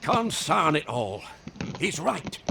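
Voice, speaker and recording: An actor playing a distraught old grandfather in a video game, pleading in old-fashioned speech with a husky voice. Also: a little high, big pitch swings, takes it slowly, noisy background, heavily acted. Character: frantic old grandfather of a missing boy.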